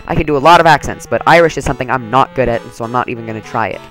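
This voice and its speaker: A man's voice: mid-range voice, racing, a bit bright, faint music behind, rough recording. A man giving rambling, casual commentary over his gameplay, full of "like" and "um". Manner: chatty, rambling, lots of "like". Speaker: let's play commentator.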